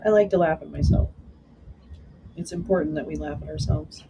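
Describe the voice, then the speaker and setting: A woman's voice: low-pitched, brisk, dull audio, heavy background noise. A woman hosting a live stream, chatting casually with viewers and answering their comments in a meandering way with frequent restarts.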